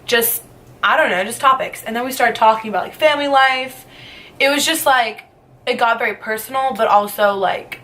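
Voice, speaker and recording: A woman's voice: mid-range voice, fairly bright tone, a little hiss or hum. A young woman vlogger telling a storytime tale in a chatty way, full of "like" fillers and casual swearing. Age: young adult. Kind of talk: storytime vlog.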